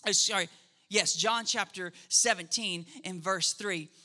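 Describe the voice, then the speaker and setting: A man's voice: high voice, a little slow. A man preaching a sermon in a conversational way, checking in with the crowd and acting out quoted voices. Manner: acts out quoted voices in a lively way. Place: church service.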